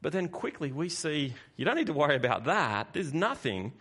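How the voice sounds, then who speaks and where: A man preaching a sermon, animated and conversational, swinging between loud emphasis and quiet asides. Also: on the high side, moderate pace, breathy edge.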